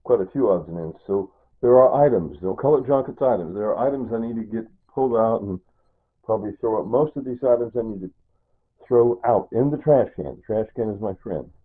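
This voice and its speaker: A man's voice: mid-range voice, brisk, breathy edge. An older man giving a casual, rambling tour of his small home, pointing things out and checking in with "see" and "right?". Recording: tinny phone-like audio.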